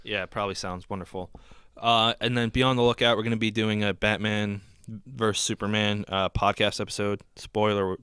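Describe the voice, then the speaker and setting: Low-voiced casual male podcast host. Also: brisk, smooth, no room sound, clean studio sound. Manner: relaxed, filler-heavy. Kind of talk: casual chat.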